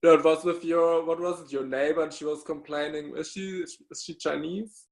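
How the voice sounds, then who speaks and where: A man's voice: fairly high pitch, steady tone, moderate pace, creaky. A man interviewing a guest casually, speaking in brief, hesitant prompts full of fillers.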